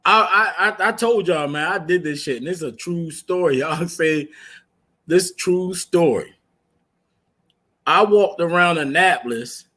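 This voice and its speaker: High-voiced man telling stories, swearing. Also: unhurried, pushed and bright. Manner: storytelling, profane, laughs while telling. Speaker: podcast co-host. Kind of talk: casual chat.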